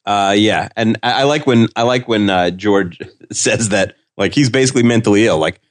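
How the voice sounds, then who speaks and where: Low-voiced man rambling in casual chat. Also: normal speed, no echo, clean studio sound. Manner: rambling and hesitant, full of "like" and restarts. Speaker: podcast co-host. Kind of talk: casual episode recap chat.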